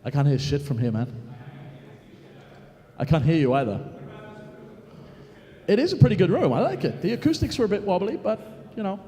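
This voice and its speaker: A man's voice: sits high, sing-song, moderate pace, pauses often, dark tone. A man hosting a live event on stage, bantering and teasing the crowd while filling time. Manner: chatty, joking, teasing the crowd. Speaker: event host. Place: large conference hall on stage. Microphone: stage microphone. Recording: long reverb in a large hall.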